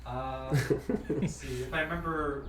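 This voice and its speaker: A man running a tabletop game as game master, talking haltingly with many pauses and filler sounds. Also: fairly high pitch, steady tone, crowd noise. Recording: roomy, distant mic with loud music.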